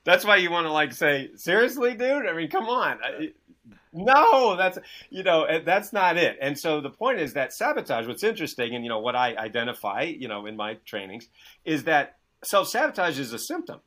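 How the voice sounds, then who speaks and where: Bright-voiced, energetic male coach. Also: on the high side, brisk. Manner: energetic storyteller who acts out quoted dialogue; many fillers, "you know". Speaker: author and success coach, guest. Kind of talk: animated interview talk.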